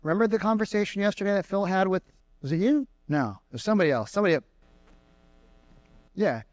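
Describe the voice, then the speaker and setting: A man giving an energetic sales seminar to a live room, firing questions at the crowd. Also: sits high, fast talker, no echo. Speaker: sales trainer. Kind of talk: live seminar talk to an audience. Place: meeting room with an audience.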